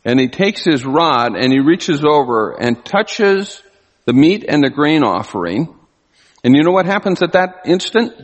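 A man preaching a sermon, animated, often acting out the people he quotes. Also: medium pitch. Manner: animated, acts out quoted voices. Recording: long hall reverb.

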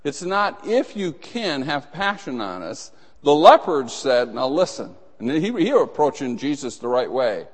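A man's voice: mid-range voice, very animated, a little slow. A man preaching a sermon, emphatic, acting out the dialogue of the people in his story. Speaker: pastor. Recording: long hall reverb.

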